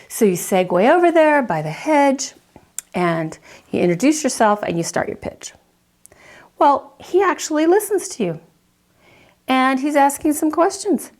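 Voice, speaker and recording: A woman's voice: sits high, lively intonation, a little mellow. Storytelling woman teaching a lesson. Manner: vivid storyteller, acts out reactions in quick asides. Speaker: counselor teaching a course.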